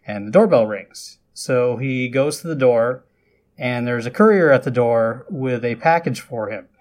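A man of middle pitch tells a film's story in a relaxed, conversational podcast recap. He talks loosely, stacking asides and offhand comments as he goes, and now and then gets louder and more animated. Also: measured pace. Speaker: podcast host recapping a film. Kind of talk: casual film recap.

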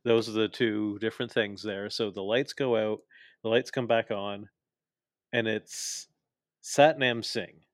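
Brief: young male co-host, lowish voice, dry close sound, opinionated rambling talker. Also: fairly even intonation, measured pace, no echo. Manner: opinionated, explains at length with many fillers. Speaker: podcast co-host. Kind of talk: casual chat.

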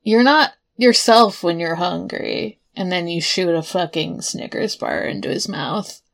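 A woman's voice: on the low side, expressive, measured pace, creaky. A woman co-hosting a casual podcast chat, joking around and laughing often. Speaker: podcast co-host.

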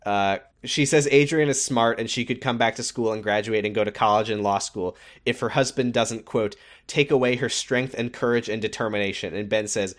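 A man's voice: fairly low pitch, steady tone, a little fast, hardly any pauses. A man co-hosting a podcast, recapping a TV episode in casual chat, rambling and swearing, laughing often. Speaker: podcast co-host.

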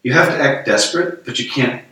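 A man's voice: mid-range voice, animated, a little fast, pushed and bright. An American man, a priest, telling a rambling story in casual conversation, with lots of fillers. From United States. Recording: echoey room, distant mic.

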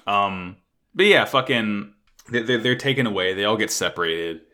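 A man's voice: on the low side, lively intonation, moderate pace, sharp tone. A man co-hosting a casual podcast chat about an anime episode, sarcastic and full of profanity. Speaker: podcast co-host.

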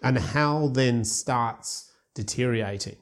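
A man's voice: mid-range voice, slow. A man in casual conversation, retelling a film scene in a rambling way with lots of fillers and restarts.

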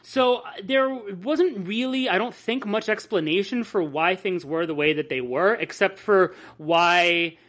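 A woman hosts a podcast in a loose, conversational way, swearing now and then and restarting her sentences. Her voice sits at a middling pitch for a woman. She sounds like she's chatting with friends rather than reading. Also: unhurried, hardly any pauses. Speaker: podcast host. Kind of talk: casual podcast chat.

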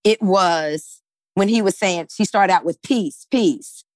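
A woman's voice: mid-range voice, slow, no echo. A woman talks through her points in an emphatic, conversational way. Her voice sits in an ordinary middle register. She often tags her sentences with "right?", and the recording sounds close and dry. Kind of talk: conversational discussion.

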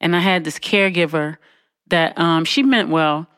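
A woman's voice: lowish voice, moderate pace, a bit bright, smooth, no echo. Woman co-host, chatty storyteller who acts out quotes with laughs, recorded dry. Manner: conversational, with frequent "you know what I'm saying". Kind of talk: casual storytelling chat.

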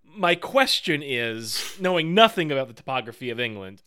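A man's voice: mid-range voice, sing-song, bright, forceful tone. An American man co-hosting a podcast, chatting in a goofy, joking way with many fillers. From United States. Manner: goofy, jokey, halting with fillers. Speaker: podcast co-host. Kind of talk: casual chat.

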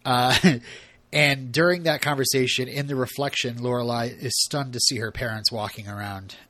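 A man's voice: mid-range voice, fairly even intonation, normal speed, sharp tone, dry recording. A man casually recapping a TV episode as a podcast co-host, chatty and full of laughs and fillers.

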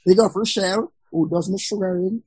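A woman, a law student telling lively stories on a casual podcast. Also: mid-range voice, moderate pace, slight background noise, rough recording. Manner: animated storyteller, patois-tinged.

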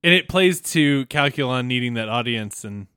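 A man's voice: medium pitch, lively intonation, normal speed, sharp tone, clear, resonant tone, dry recording, studio quality. A man co-hosting a podcast, telling the plot of a cartoon in an agreeable, chuckling way with loose fillers. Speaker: podcast co-host. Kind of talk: casual chat recapping a cartoon episode.

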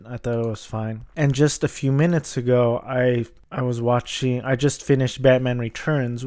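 A man's voice: mid-range voice, a little mellow. A man talking casually about movies he watched, rambling with frequent restarts and hedges. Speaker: movie vlogger. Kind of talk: casual movie review monologue.

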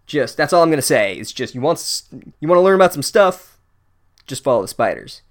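A man's voice: a little high, big pitch swings, brisk. Sarcastic swearing man recapping a book. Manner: sarcastic, profane, rambling with many "like"s. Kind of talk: comedic chapter recap.

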